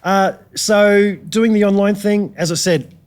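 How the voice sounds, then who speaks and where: A middle-aged Australian man, a guitarist guest telling frank, animated stories in a casual chat. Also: high-pitched, a little slow, clear, resonant tone. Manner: animated storyteller, frank and chatty.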